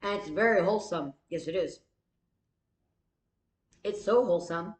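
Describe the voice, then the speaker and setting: A woman's voice: lowish voice, normal speed, roomy sound. A woman telling a rambling, profane story in a casual way, with many fillers.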